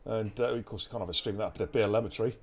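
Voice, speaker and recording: A man's voice: fairly low pitch, very fast, breathy edge. A man hosting live esports race commentary, chatty and jokey, talking to the stream chat.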